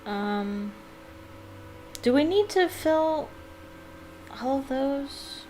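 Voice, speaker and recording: A woman's voice: sits high, lively intonation, extremely slow, darkish tone, slight background noise. A woman giving casual commentary while playing a video game, thinking aloud with fillers and laughing easily. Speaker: let's play gamer.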